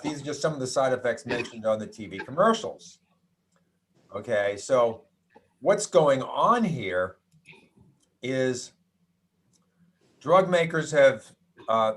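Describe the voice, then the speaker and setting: A middle-aged man from the United States talks through a presentation in a mid-pitched voice. He is chatty and wry, with asides and restarts as he goes. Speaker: doctor giving a health talk. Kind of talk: presentation with slides.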